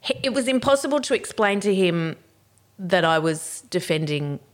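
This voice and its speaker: A woman's voice: lowish voice, animated, moderate pace. Woman telling a story, swearing. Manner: storytelling, swears freely, laughs often. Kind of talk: casual chat.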